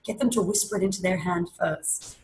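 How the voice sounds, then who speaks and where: A woman presenting an online teaching webinar, explaining classroom activities in a lively way and acting out examples. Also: lowish voice, a little fast, slight background noise, poor audio. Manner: lively, demonstrates classroom voices and chants.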